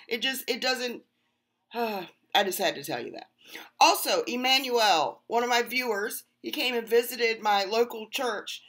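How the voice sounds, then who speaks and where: A woman's voice: mid-range voice, fairly bright tone. A woman hosting her own channel, giving earnest, emphatic Bible commentary and talking straight to her viewers. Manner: earnest, emphatic, exasperated at rival interpretations. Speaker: Christian video host. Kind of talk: casual direct-to-camera Bible commentary.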